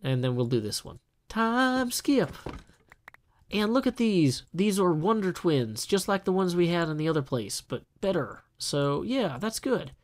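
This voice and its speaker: A man's voice: fairly high pitch, big pitch swings, moderate pace, few pauses, a little mellow. Man, gameplay host; casual, chatty, self-mocking asides while building. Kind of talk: casual solo gameplay commentary.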